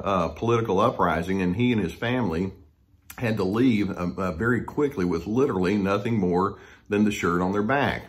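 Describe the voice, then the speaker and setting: Man in his 60s, lowish voice, therapist recounting a memory, gentle, hesitant, reflective monologue. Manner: gentle, unhurried, frequent hesitations.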